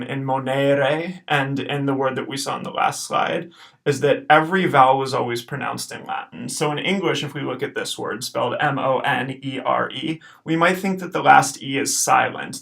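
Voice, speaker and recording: A man teaches a recorded lesson, his voice carrying a gravelly rasp. He explains patiently and drags out each practice word slowly, cheering students on between drills. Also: medium pitch, a bit bright. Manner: patient, encouraging, slows to repeat words. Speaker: Latin teacher.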